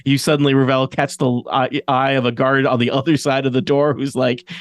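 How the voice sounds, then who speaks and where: A man narrating as game master in a relaxed, chuckling, loosely improvised way. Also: medium pitch, a little fast, dry recording.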